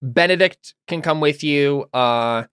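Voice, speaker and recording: A man's voice: on the high side, slow, a bit bright, clear, resonant tone, no echo, studio quality. A man running a tabletop game as game master, narrating scenes with many fillers and restarts.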